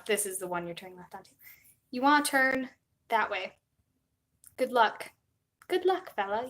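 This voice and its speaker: A young woman streamer telling a story in casual live-stream chat, animated, swinging between loud outbursts and soft asides. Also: medium pitch, poor audio.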